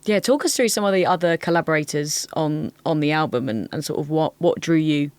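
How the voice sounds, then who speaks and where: A woman's voice: deep voice, fairly quick, darkish tone, clear, resonant tone, dry recording. A woman hosting a podcast interview, agreeing with her guest and asking tag questions. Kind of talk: casual interview chat.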